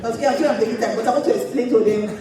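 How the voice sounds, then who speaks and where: A woman pastor telling a funny story to a church audience, animated and laughing often as she talks. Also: on the high side, rapid-fire, loud music behind the voice. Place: church auditorium. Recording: echoey church hall, distant mic.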